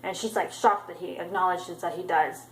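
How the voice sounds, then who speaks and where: A woman's voice: lowish voice, fairly even intonation, normal speed, echoey room, a little hiss or hum, low-quality recording. A woman casually retelling a book chapter in her own words, with frequent ums and restarts. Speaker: book vlogger.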